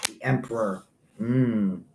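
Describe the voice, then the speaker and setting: A man's voice: on the low side, takes it slowly, slight background noise. Man rambling through a tarot live stream. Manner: rambling, thinking aloud; earnest, a little hurt by critics. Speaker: psychic tarot reader.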